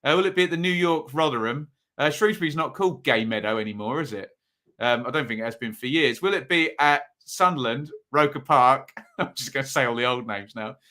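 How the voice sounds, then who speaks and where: Male streamer, bright tone, rambling casual chat, lots of ums, home live stream. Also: mid-range voice, brisk. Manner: rambling, chatty, many ums and self-corrections. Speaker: football watchalong streamer. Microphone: phone or desk mic at a home setup.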